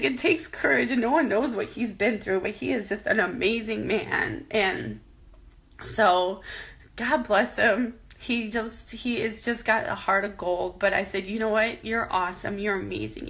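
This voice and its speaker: Woman, vlogger. Tearful and halting, bright voice with some fry. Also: medium pitch. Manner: tearful, halting, many restarts. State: crying at times. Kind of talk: emotional personal vlog.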